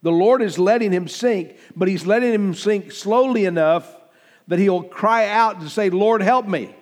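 A man's voice: high voice, moderate pace, darkish tone, big-room sound. A man pastor preaching a sermon emphatically, swelling and dropping his volume and acting out the lines he quotes.

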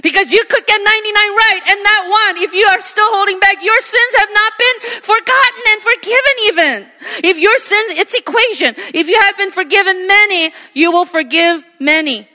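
Woman pastor, impassioned sermon, repeats key phrases, high, sharp tone; reverberant church. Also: moderate pace, few pauses. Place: church sanctuary. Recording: long reverb of a church hall.

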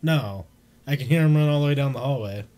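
A man's voice: medium pitch, fast, dark tone. A young man co-hosting a casual stream chat, playful and teasing, with slangy talk. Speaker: co-host.

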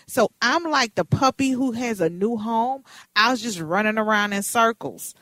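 Woman in her fifties, radio host, animated chatty storyteller, dry close sound. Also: fairly high pitch, normal speed, no room sound. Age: 50s.

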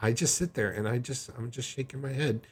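A man with a husky, slightly breathy voice tells a long personal story straight to his viewers. His delivery is casual and rambling, jumping between details and often stumbling over his restarts. His pitch sits in the middle range for a man. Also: fairly quick. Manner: rambling, animated retelling with frequent restarts. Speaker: vlogger.

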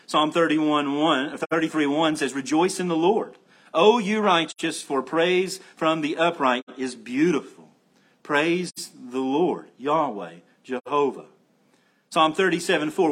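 A male pastor delivers a sermon in a somewhat high-pitched voice. He stresses key phrases by repeating them and talks directly to his congregation in a conversational way. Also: a bit bright.

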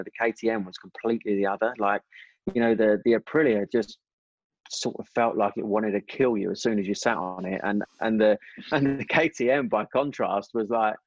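A man telling stories in a relaxed interview, circling back through his points. His voice sits low. The recording is dull and very dry. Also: no room sound. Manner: rambling, many restarts and "you know"s. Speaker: guest, former motorcycle racer. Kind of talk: casual storytelling interview.

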